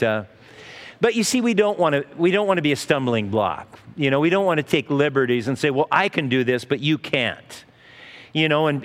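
A man's voice: fairly high pitch, long reverb tail. A middle-aged man preaching a sermon as pastor, in a folksy, conversational way with asides and restarts.

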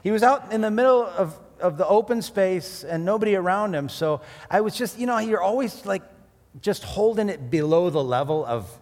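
A man preaching a sermon, mixing scripture with animated personal stories and jokes. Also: high-pitched, normal speed. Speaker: pastor. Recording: long hall reverb.

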